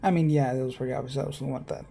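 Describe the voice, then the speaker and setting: A man reading a visual novel aloud as narrator, steady with small slips and casual asides. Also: mid-range voice, very fast, creaky, a little hiss or hum. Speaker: let's-play narrator.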